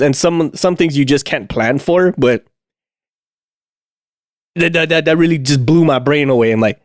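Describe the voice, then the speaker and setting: A man's voice: medium pitch, moderate pace, no room sound, clean studio sound. A man co-hosting a casual podcast, telling a maintenance war story with lots of fillers and restarts and frequent laughs. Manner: rambling, many fillers and restarts, laughs often. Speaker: podcast co-host, aircraft maintenance technician.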